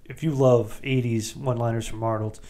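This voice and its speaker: A man hosting a podcast, giving a rambling, jokey recap of a movie with quick asides. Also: mid-range voice, fairly even intonation, heavy background noise. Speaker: podcast host.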